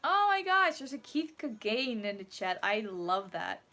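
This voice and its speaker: A woman's voice: on the high side, big pitch swings, a little slow, bright, forceful tone. A woman on a casual livestream, reading out viewer comments and answering them in a giggly, rambling, playfully dramatic way. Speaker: cosplayer streamer.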